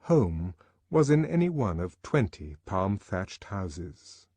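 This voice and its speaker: A man narrating an audiobook with an expressive, varied delivery. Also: deep voice, takes it slowly, breathy edge, no echo. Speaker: audiobook reader.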